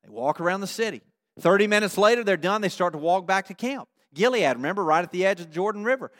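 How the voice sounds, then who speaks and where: A male pastor giving a sermon, telling a story with animated energy and checking in with his congregation through questions. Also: high-pitched, fast. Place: church. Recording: long reverb of a large hall.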